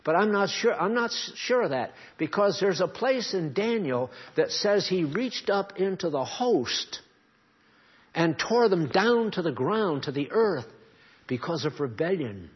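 Husky male preacher, earnest sermon, quizzes his flock, muffled lo-fi tape. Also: high voice, big pitch swings, a little slow. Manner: earnest preaching, rhetorical questions to the congregation. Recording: dull lo-fi recording.

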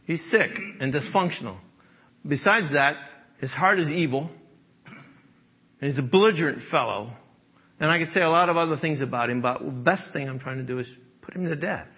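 A pastor preaches a sermon conversationally, his voice somewhat high, brisk and husky, often asking "okay?" and "right?" and chuckling frequently as he goes. The recording sounds muffled.

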